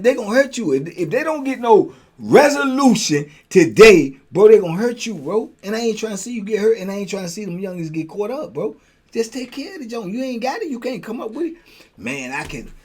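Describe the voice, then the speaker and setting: In a high voice with a breathy edge, an older host tells a prison story using casual slang. He's lively, acting out the voices of the people he describes.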